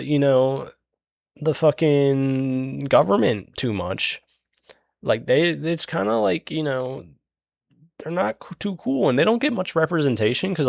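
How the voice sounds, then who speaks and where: A man's voice: mid-range voice, vocal fry, darkish tone, no room sound, studio quality. A young man retelling a book's plot in a rambling, profane, casual way, full of fillers. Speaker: book recap host.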